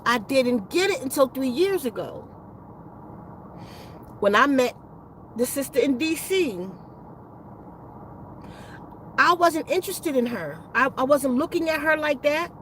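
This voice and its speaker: A woman's voice: high-pitched, lively intonation, measured pace, a bit bright, a little hiss or hum, low-quality recording. A woman who hosts a spiritual healing channel, telling a rambling, profane story in a casual livestream chat. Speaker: spiritual healer and channel host.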